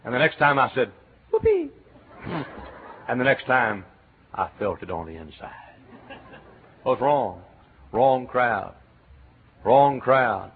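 A middle-aged man from Texas with a Texan accent, preaching a sermon as a pastor, telling stories and breaking into shouts. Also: mid-range voice, slow, long pauses, a little hiss or hum. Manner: animated storytelling, bursts into shouts and chants. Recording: tinny phone-like recording.

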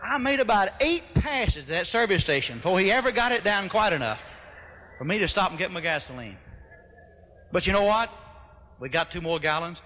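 A man preaching a sermon, telling a folksy story in an animated way as an old-fashioned gospel pastor. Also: high-pitched, a little fast, a little hiss or hum. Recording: echoey hall, dull lo-fi sound.

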